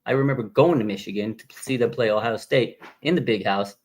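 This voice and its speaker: A man in his thirties hosting a live fan stream, chatting casually in animated, slangy, rambling banter. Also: fairly low pitch, fairly quick. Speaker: fan show livestream host.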